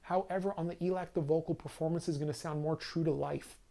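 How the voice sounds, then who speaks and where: A man's voice: a little high, fairly even intonation, fast talker, gravelly, dark tone. A man giving a casual, conversational product review to camera, speaking loosely with frequent fillers and restarts. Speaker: audio equipment reviewer.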